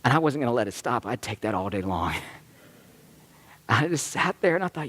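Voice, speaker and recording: A man's voice: mid-range voice, moderate pace, long pauses. A man, a rabbi preaching to his congregation, telling a family story animatedly and acting out the voices of the people in it. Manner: animated, acts out quoted voices of children. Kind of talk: sermon storytelling. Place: congregation sanctuary.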